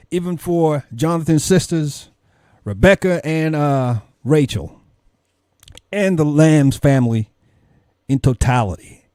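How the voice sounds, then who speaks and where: A man's voice: on the high side, slow pace, pauses often, darkish tone, dry recording, clean studio sound. A man hosting a commentary channel, questioning and preachy as he weighs in from a faith view. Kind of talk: religious commentary.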